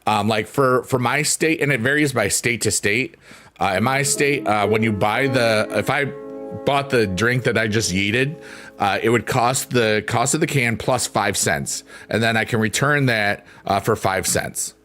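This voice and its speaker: A male streamer with a medium-pitched, fairly bright voice takes his time, rambling and joking as he reads out messages from his chat. Piano plays behind him.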